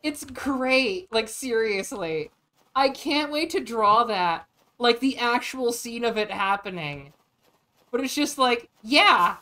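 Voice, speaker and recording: Woman vtuber streaming a game, lively and crude, swearing freely, higher voice with big pitch swings. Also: takes it slowly. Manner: animated, crude and joking, often swearing. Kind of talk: casual gaming stream chat.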